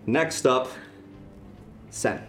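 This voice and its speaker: A man running a tabletop game as game master, narrating with lively storytelling. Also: very slow, soft background music.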